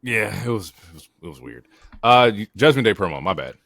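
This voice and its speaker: A man on a casual wrestling podcast with a gravelly voice, and his pitch swings all over the place. He chimes in with questions, and the sound is close and dry. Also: sing-song, brisk, fairly bright tone, dry recording. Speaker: podcast co-host. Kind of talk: casual wrestling recap chat.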